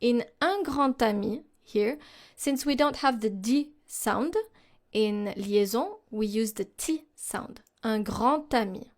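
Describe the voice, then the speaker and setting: Slow, careful woman teaching pronunciation. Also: fairly high pitch, a little mellow. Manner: slow and deliberate, models words for repetition. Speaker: French teacher. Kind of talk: slow instructional explanation.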